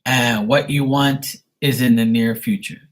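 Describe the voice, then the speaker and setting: A man's voice: medium pitch, steady tone, a little slow. A man giving casual live tarot readings and teasing viewers as he answers them. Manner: teasing, talks back to chat. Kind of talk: casual livestream chat.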